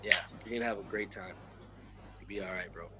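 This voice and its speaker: A man from Australia speaks upbeat and encouraging from a distance away from the mic. His voice is fairly low, and clear background noise runs under the casual chat. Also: fairly even intonation, a little fast, sharp tone. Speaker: friend in a group chat.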